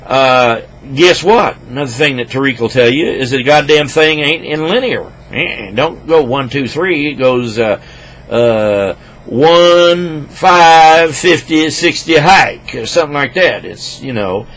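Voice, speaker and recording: A man ranting crudely into a computer microphone at his home desk, rambling and swinging between loud outbursts and low mutters. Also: expressive, unhurried, low-quality recording. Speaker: vlogger. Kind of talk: rambling profane rant to camera.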